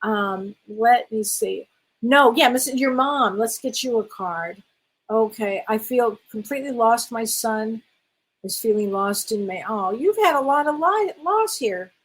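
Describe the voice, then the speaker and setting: Middle-aged lady doing a live q&a as a medium, kinda breathy voice, sweet and chatty, reads out comments. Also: on the high side, animated, a little slow, poor audio. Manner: warm, affectionate, calls viewers honey, reads out comments. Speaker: spiritual medium hosting a live Q&A. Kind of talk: casual live-stream chat.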